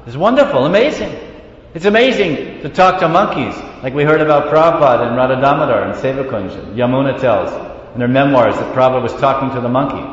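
A man giving an animated devotional class, telling stories with laughter and bursts of song. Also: mid-range voice. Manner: animated storytelling, laughs, sings syllables. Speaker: preacher. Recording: roomy hall with long reverb, dull lo-fi sound.

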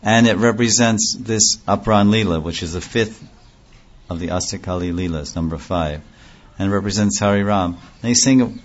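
A man's voice: fairly low pitch, normal speed, highs cut off. A man giving a devotional lecture in a conversational way, asking rhetorical questions and answering them himself. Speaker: religious speaker.

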